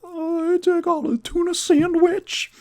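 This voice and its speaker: A man voicing a timid young boy in a squeaky, high put-on voice. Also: flat delivery, takes it slowly, a little mellow. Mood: plain.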